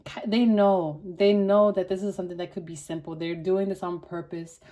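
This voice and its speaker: A young woman reads tarot cards in a loose, slangy, chatty way, leaning on fillers as she goes. Her voice is mellow and warm and sits a little low. She talks to viewers like friends. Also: steady tone, moderate pace. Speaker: tarot reader. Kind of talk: casual tarot reading.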